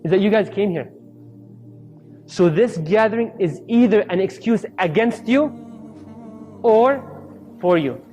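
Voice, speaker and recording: A man's voice: high voice, measured pace, long pauses, faint music behind. A man giving a storytelling sermon, acting out the voices of people in his stories. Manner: acts out quoted voices in lively storytelling. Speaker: Islamic speaker.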